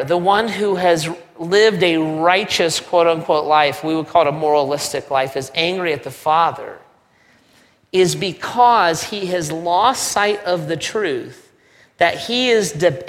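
Animated preacher in a reverberant sanctuary. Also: male voice, fairly high pitch. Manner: conversational, animated, joking asides. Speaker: pastor. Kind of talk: sermon. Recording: long reverb of a large hall.

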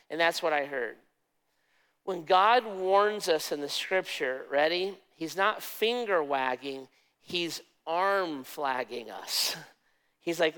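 A man's voice: on the high side, normal speed, pushed and bright, clear, resonant tone, poor audio. A man preaching a sermon as pastor, conversational and emphatic, often restarting his phrases.

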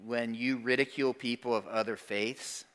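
Male pastor, crisp bright tone, casual sermon delivery, drops low then gets loud. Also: steady tone, moderate pace. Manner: conversational preaching, swings from hushed to loud emphatic bursts. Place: church service before a congregation.

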